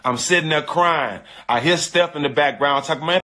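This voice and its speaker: Man, bright tense voice, slightly high, earnest storytelling. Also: normal speed. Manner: earnest, repetitive, slangy. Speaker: guest telling a personal story. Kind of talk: emotional storytelling.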